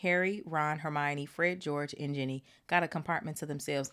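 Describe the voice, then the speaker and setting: A woman hosting a book club podcast, reading a novel aloud with animated, swearing asides. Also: deep voice, normal speed, background noise. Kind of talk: casual read-aloud with commentary.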